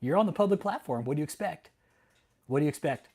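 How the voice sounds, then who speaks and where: A man's voice: fairly high pitch, expressive, fast talker, a little mellow. A middle-aged man from Texas, hosting an angry, profane commentary rant full of defiance and swearing. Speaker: host.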